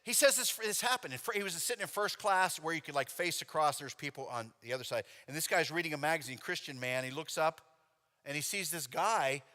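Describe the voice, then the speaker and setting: Male convention preacher, bright, higher-pitched voice, animated storytelling, church hall reverb. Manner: animated, acts out dialogue, casual fillers. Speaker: convention speaker. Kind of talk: sermon with storytelling. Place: church sanctuary.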